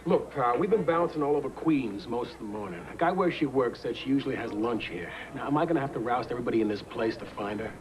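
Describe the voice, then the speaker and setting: An actor playing a blunt, pushy American police detective questioning a witness. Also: male voice, medium pitch, quick pace, hardly any pauses, crowd noise, natural voice. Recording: noisy old videotape broadcast.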